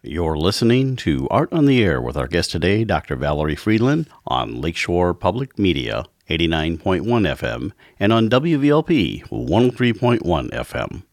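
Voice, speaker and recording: A man with a very low voice hosts a radio talk show on a dry, close mic. He reads the station ID and then circles his questions, full of filler words. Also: sing-song, no room sound. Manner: halting, many fillers when asking questions. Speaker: radio host.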